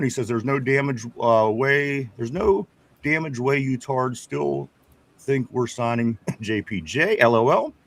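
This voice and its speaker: A man hosting a casual sports talk show, reading viewer comments aloud with frequent chuckles and repeated words. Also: mid-range voice. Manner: chatty, stumbles and repeats words, chuckles often.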